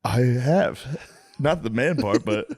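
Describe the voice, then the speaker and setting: A man's voice: mid-range voice, expressive, slow pace, a little mellow, no echo. A man co-hosting a podcast, telling profane anecdotes and acting out the lines of the people in them. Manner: storytelling, profane, acts out quoted lines. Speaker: podcast co-host. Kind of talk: casual crude banter.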